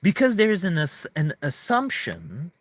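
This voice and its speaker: A man's voice: on the high side, wildly swooping pitch, moderate pace, dry recording. A man in a casual, rambling monologue to camera, emphatic, swearing often and restarting his sentences. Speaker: vlogger.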